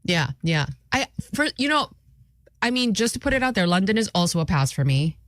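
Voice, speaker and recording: A woman co-hosting a radio show, chatty and quick to laugh, slipping into Tagalog now and then. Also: medium pitch, big pitch swings, no room sound, studio quality. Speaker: radio co-host. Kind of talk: casual radio banter. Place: radio studio.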